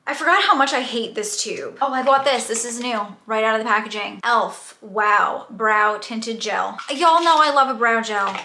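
Chatty young woman, bright echoey room. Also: a little high, normal speed, few pauses. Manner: rambling, candid, chatty. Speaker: beauty vlogger. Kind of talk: get-ready-with-me chat.

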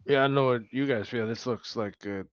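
A man's voice: medium pitch, fairly quick, no echo, dull audio. A man playing in a tabletop game, casual and joking, laughing often. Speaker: player.

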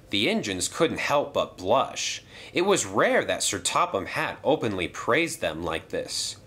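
A man narrating a toy train story in a lively storytelling manner. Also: lowish voice, measured pace, hardly any pauses.

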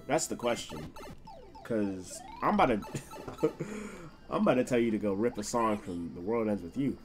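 A man streaming a video game live, reacting loudly and crudely and talking back to the characters on screen. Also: lowish voice, animated, a little slow, soft background music. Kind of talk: live gameplay commentary.

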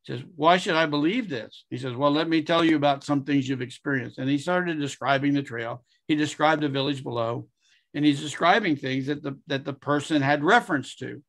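A man's voice: fairly high pitch, fairly bright tone. Earnest male preacher telling a story. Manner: earnest, unhurried, acts out voices in the story. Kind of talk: sermon storytelling.

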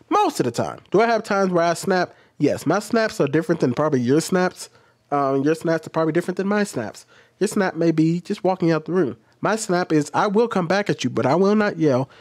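A man's voice: a little high, a little mellow, dry recording, clean studio sound. A man giving casual, reflective commentary on a video. He sometimes acts out quoted comebacks in a raised voice.

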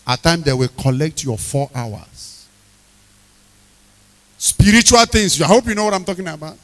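A man preaching an evening sermon, emphatic, repeating key phrases, questioning the congregation and bursting into loud shouted lines. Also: fairly high pitch, sing-song, moderate pace.

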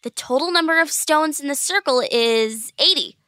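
Molly, a bright brainy girl. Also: high voice, no echo, studio quality. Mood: curious. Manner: quick-witted, problem-solving. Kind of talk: children's audio drama.

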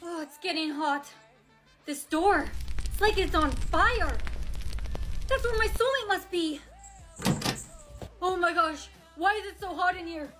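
A woman acting in comedic POV skits, excitable and quick to exclaim. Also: extremely high pitch, music in the background. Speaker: skit creator.

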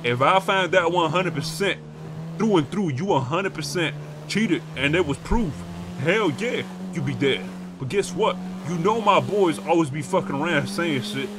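A man's voice: on the high side, lively intonation, moderate pace, music in the background. A man roleplaying a gangster in a game, issuing profane street-talk threats.

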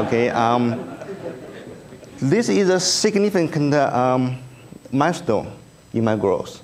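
A man with a Chinese accent, whose first language is Chinese, giving a conference talk with slides in a halting way, full of ums and uhs and light self-deprecating humor. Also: medium pitch, animated, background noise. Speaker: speaker at an engineering research review. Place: conference room.

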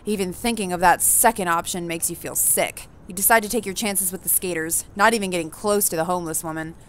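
A woman reading a visual novel aloud, expressive, breaking off to react and comment. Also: on the low side, fast talker, slight background noise. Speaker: gaming streamer.

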